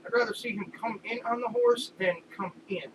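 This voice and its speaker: A high-pitched man with a New York accent chats about wrestling on a podcast. He tells his stories loud and animated and swears freely. He sits well away from the mic, with clear background noise in the recording. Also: brisk, distant mic. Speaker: podcast co-host. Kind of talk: casual chat watching wrestling.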